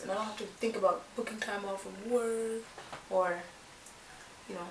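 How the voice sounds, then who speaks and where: A woman's voice: medium pitch, steady tone, moderate pace, long pauses. A young woman from Canada with a Canadian accent, chatting casually and rambling while she does her makeup. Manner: rambling, chatty, lots of filler words. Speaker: beauty vlogger. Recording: roomy, distant mic, faint noise.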